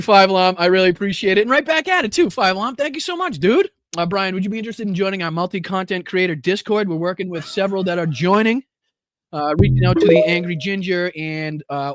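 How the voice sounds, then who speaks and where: A man's voice: high-pitched, no room sound, clean studio sound. Profane out-of-breath Boston man. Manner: profane, rowdy, laughing, out of breath. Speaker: political show host. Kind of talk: profane livestream commentary and viewer shout-outs.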